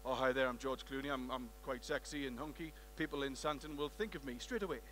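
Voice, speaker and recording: A British man impersonating a weary, smooth-talking male movie star in a low, hushed voice. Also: fast, a little hiss or hum, natural voice. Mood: smug weary. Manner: low, hushed, self-admiring. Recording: echoey large hall.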